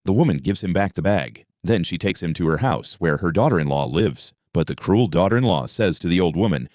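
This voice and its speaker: Male narrator for a moral short, lowish voice, lively intonation, dry close recording. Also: a little fast, few pauses, no echo. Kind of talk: scripted story narration.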